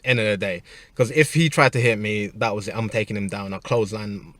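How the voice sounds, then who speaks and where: A man, a personal trainer, telling a casual story in a rambling, animated way with frequent restarts. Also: fairly low pitch, a little fast, no room sound.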